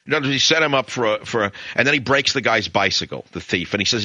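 A man's voice: mid-range voice, animated, quick pace, hardly any pauses, pushed and bright, dry recording, dull audio. A middle-aged American man hosting a talk radio show, retelling a story in a rambling, emphatic way with opinionated asides. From United States.

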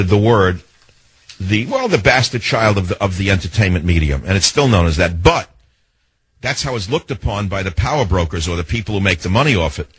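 Brash New York talk radio host. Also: male voice, on the low side, fairly bright tone, slightly rough, no room sound, low-quality recording. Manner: brash, rapid-fire, digressive.

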